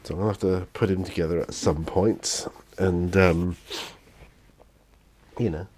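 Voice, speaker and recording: A middle-aged man chatting casually while painting miniatures, soft-spoken and rambling with many fillers. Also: sits low, steady tone, measured pace, a little hiss or hum. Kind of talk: relaxed paint-along chat.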